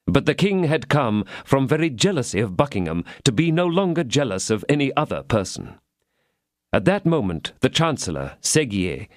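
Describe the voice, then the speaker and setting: Expressive male audiobook narrator. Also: fairly low pitch, no room sound, clean studio sound. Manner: steady, expressive classic-novel reading.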